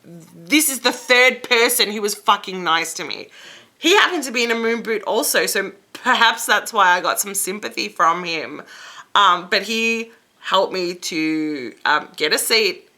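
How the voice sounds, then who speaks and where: Young woman, angry vlog rant, swears a lot, bright tense voice. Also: medium pitch, expressive, a little slow. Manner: heated, swears freely, acts out quoted exchanges. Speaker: vlogger.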